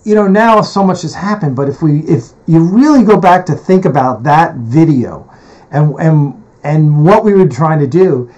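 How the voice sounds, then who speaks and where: A man's voice: fairly high pitch, animated, moderate pace, darkish tone, lo-fi sound. A man hosting a casual interview, rambling and thinking aloud while handling things on his computer. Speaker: host and producer.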